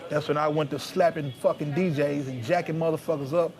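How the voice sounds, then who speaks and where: A man's voice: on the high side, fairly even intonation, a little fast, darkish tone. A man, recalling his part in the local hip hop scene with proud, profane force. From Dallas, Texas. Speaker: hip hop artist interviewee. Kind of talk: candid documentary interview.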